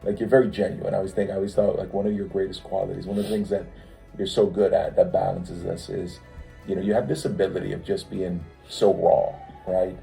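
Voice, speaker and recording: A man's voice: deep voice, flat delivery, a little fast, gravelly, warm tone, faint music behind, low-quality recording. A man in a heartfelt conversation with his wife, reflective and searching for words. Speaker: co-host, her husband.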